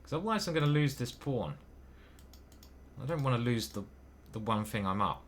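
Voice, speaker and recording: A man's voice: medium pitch, animated, normal speed, slight background noise. A man thinking aloud as he plays online chess, muttering moves and questioning himself. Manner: muttering move by move, hesitant self-questioning. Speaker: chess grandmaster commentating his own games.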